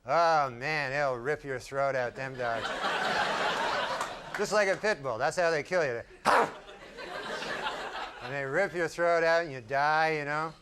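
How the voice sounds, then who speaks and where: A man doing a stand-up routine in a deadpan, rambling way, chuckling at his own jokes. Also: fairly high pitch, a little slow, pauses often. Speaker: stand-up comedian. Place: comedy stage with a live audience. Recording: live stage recording with loud crowd and noise.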